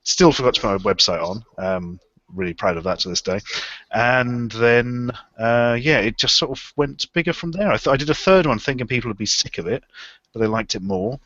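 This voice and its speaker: A man's voice: medium pitch, lively intonation, a little fast, a bit bright, dry recording. A man telling a long, rambling, self-mocking story with casual swearing on a live stream panel. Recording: dull lo-fi live stream audio.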